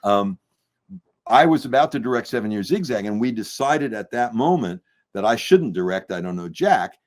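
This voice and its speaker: A man's voice: on the low side, moderate pace. An older man, a filmmaker and musician, telling a long anecdote in an interview and acting out the people he quotes. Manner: animated storyteller acting out quoted voices. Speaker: filmmaker guest.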